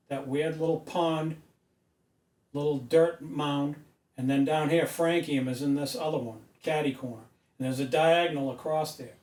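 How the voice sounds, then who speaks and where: Guy lecturing at a whiteboard, gets loud and insistent, kinda high pitched, echoey room. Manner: emphatic, preachy, rising to loud insistence. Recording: echoey room, mic far off.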